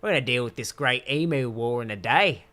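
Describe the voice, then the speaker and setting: A man putting on a boastful, brash Australian soldier in a loud, boisterous voice. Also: mid-range voice, a little fast, voice pushed down, close to an everyday voice.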